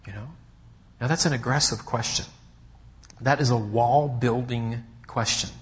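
A man preaching a sermon as a personal story, talking conversationally and checking in with his listeners, with swings from hushed to emphatic. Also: mid-range voice, measured pace. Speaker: pastor.

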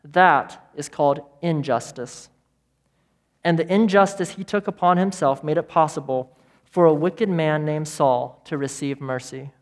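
A man preaching a sermon as pastor, emphatic, with repeated phrases and dramatic pauses. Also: on the high side. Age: adult parent of young children.

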